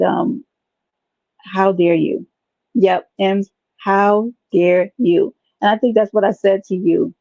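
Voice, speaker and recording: A woman's voice: lowish voice, creaky, dark tone, no echo, highs cut off. A woman hosting a live stream, rambling and teasing her viewers in a playful, chatty way. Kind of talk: casual live stream chat.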